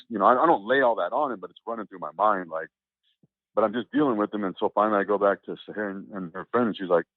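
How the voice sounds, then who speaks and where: A man telling a personal story as an interview guest, animated and acting out the dialogue as he goes. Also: on the low side, quick pace, no room sound. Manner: animated, acts out quoted dialogue, repeats words. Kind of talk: casual spoken storytelling. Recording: tinny, phone-like, dry.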